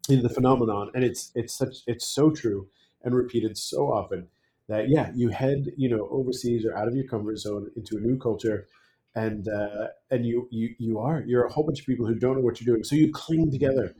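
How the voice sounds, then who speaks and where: Mellow-voiced man hosting a casual chat. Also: mid-range voice, fairly quick. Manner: joking, playful asides. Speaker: podcast host. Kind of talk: casual conversation.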